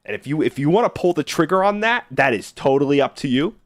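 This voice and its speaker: A man's voice: on the high side, expressive, quick pace, dry recording. A man streaming live, chatting casually with viewers in a sarcastic, argumentative way.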